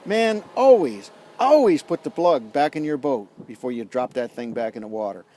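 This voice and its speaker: A middle-aged man telling a lively story in a casual vlog outdoors, acting out the dialogue as a leadership coach. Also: mid-range voice, fairly quick, slight background noise. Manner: animated storyteller, acts out dialogue. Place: outdoors on a golf course.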